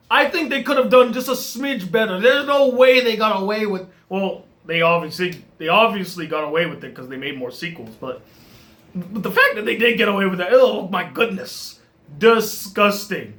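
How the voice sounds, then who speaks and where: A man giving a casual film review in an animated way, often laughing and restarting his sentences. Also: high voice, fairly quick. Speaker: movie reviewer.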